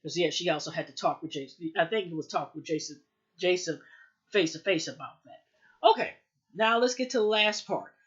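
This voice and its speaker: Speaking a little fast, this woman hosts a casual episode recap, rambling along with plenty of "like" and "you know." Quoted characters come out in higher, louder voices. The recording is dull and lo-fi.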